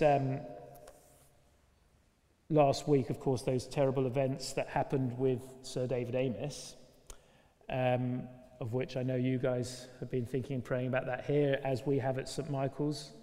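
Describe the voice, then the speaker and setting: A man preaching a sermon in a lively, conversational way, full of rhetorical questions, recorded in a church. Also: mid-range voice, unhurried. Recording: long reverb of a large church.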